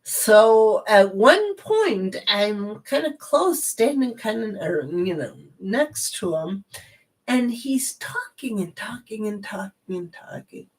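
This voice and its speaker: A woman at a slow, easy pace tells a story from her own life. She chats along with plenty of asides and checks with the listener, and grows animated as the story builds. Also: mid-range voice, slightly rough. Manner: chatty, rambling asides, animated retelling. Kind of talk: personal storytelling.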